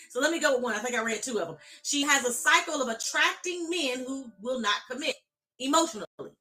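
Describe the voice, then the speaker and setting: Bright-voiced woman coaching with preacher-like fire. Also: high-pitched, expressive, moderate pace. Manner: emphatic, preacher-like, addresses viewers directly. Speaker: life coach. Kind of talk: live-streamed motivational talk.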